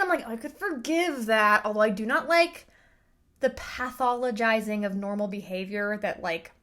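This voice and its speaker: A woman giving a casual, animated review rant, exasperated and full of fillers. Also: on the high side. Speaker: book and film reviewer.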